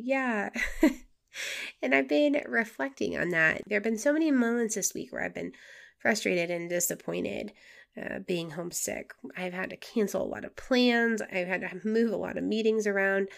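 A woman's voice: medium pitch, normal speed, gravelly. Nasal woman with a cold, podcast host. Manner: friendly, earnest, addresses listeners as friends. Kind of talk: faith-based podcast talk.

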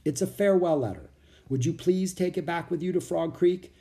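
A man's voice: high voice, brisk, warm tone, pitched above the performer's own voice. A man voicing a stern army captain in a children's audiobook, giving firm orders and grave requests. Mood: solemn. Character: stern, solemn soldier captain, grown man. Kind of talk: audiobook character voice.

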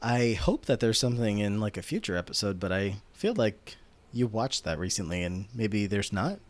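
A man co-hosting a casual podcast, recapping a TV episode with lively commentary and briefly playing out characters' lines in exaggerated voices. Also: lowish voice, moderate pace.

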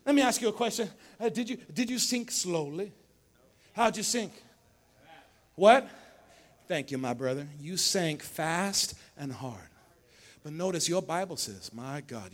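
A male pastor with a slightly high voice preaches in an animated but unhurried way. At the church service, his lively sermon uses call-and-response, with questions fired at the congregation and phrases repeated.

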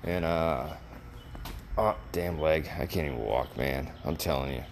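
A man's voice: very deep voice, a little slow, slight background noise. A middle-aged man hosting a solo podcast, rambling goofily and laughing at his own jokes, sounding tired and worn out. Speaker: podcast host.

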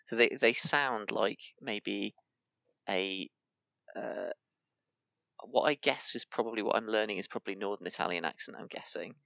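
A man's voice: on the low side, normal speed, creaky, bright, forceful tone, no echo. A man in a casual group chat who muses hesitantly, with many fillers. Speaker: podcast panelist. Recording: dull dry lo-fi mic.

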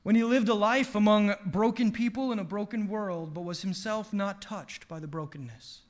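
Man, 30s, preacher, earnest devotional talk, animated asides, high voice. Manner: earnest, storytelling, animated asides with quick restarts. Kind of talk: devotional talk with a family story.

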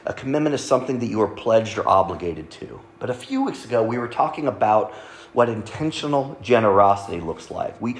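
A man pastor preaching a sermon in a conversational way, often checking in with the congregation. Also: lowish voice. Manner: conversational, frequent "right?" asides to congregation. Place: church sanctuary. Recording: echoey church room.

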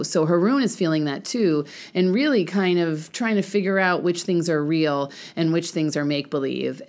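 A woman with a low voice explains a novel's themes to her class. She is thoughtful and careful, and she softens her points with lots of "kind of.". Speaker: teacher. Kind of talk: book discussion.

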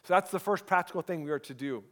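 A man in his thirties preaching a sermon as pastor, earnest and dropping to a hushed voice for emphasis. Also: a little high, quick pace.

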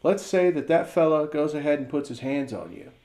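A man's voice: fairly high pitch, brisk. A middle-aged man co-hosting a casual podcast, telling an example story and acting out the quotes. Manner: storytelling with lively acted-out quotes. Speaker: podcast co-host.

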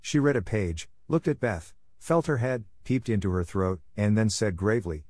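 A man narrating a classic novel in a steady, measured audiobook reading for English learners, close to the mic. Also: lowish voice, no echo.

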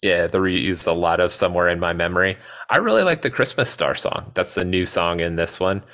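A man's voice: deep voice, expressive, a little fast, a bit bright. A man co-hosting a movie podcast, talking casually and rambling with many fillers and restarts. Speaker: podcast co-host.

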